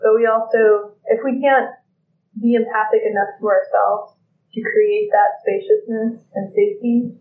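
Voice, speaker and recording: A teacher giving a thoughtful, halting lecture with many pauses and fillers. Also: mid-range voice, level tone. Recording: echoey, phone-like lo-fi with faint noise.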